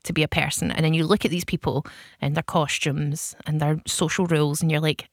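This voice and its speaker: A woman with a somewhat low voice chats as a podcast co-host, spinning self-deprecating stories and laughing often. The sound is close and dry, with no room around it. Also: fairly quick, husky, no room sound. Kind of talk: casual chat.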